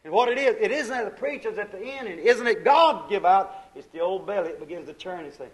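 A man with a high, ringing voice preaches at a church service. His delivery is folksy and exuberant. It drops to near-whispered asides, then bursts into loud, rising praise. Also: expressive, fast, hardly any pauses, low-quality recording. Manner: exuberant folksy preaching with sudden swings from hushed to shouting. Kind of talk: sermon.

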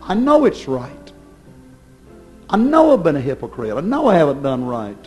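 A man's voice: wildly swooping pitch, normal speed, faint music behind. Fervent preacher man with a drawl. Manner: fervent, swings from loud declaiming to low intense pleading. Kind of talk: sermon.

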